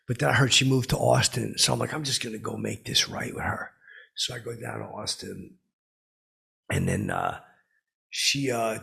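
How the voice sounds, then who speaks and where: A clueless, self-important braggart, as a man puts him on for a comedic monologue, his voice gravelly and rough with a husky, raspy edge. He rambles through his boasts, looping back on himself again and again. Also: medium pitch, fairly bright tone, exaggerated voice. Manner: rambling, self-aggrandizing, repeats "I go". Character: boastful, clueless middle-aged man telling tall tales.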